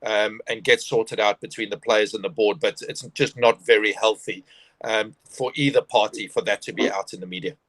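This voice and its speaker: A man as a guest in a casual interview chat, speaking in a measured, thoughtful way with dry humor. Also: on the low side, fairly even intonation, a bit bright, dry recording, poor audio.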